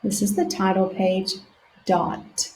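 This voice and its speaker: A woman teaching a phonics lesson to young children, sounding out words slowly letter by letter. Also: mid-range voice, level tone, darkish tone, a little hiss or hum. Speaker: reading teacher. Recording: echoey room.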